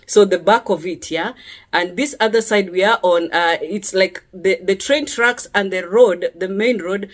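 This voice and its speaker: A woman's voice: mid-range voice, a little slow. Kenyan woman telling a personal testimony. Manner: earnest, with frequent "yeah?" tag questions and restarts. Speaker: speaker sharing a personal testimony.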